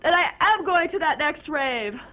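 A woman's voice: high voice, lively intonation, moderate pace. A woman voicing a melodramatic teenage girl who rants tearfully at her parents and mangles big words in a comic monologue. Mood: tearful ranting. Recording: tinny phone-like sound.

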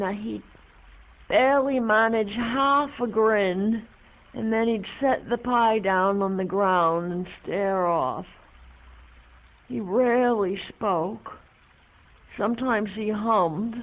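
An actress playing an older woman reminiscing to her dog, musing and unhurried, with hesitant pauses. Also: mid-range voice, close to an everyday voice. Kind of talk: film monologue. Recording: tinny, phone-like film audio.

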